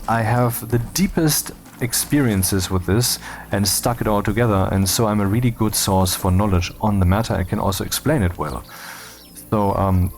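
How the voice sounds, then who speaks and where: A man talking casually over gameplay, rambling and cutting himself off, with wry asides. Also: on the low side. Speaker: video creator.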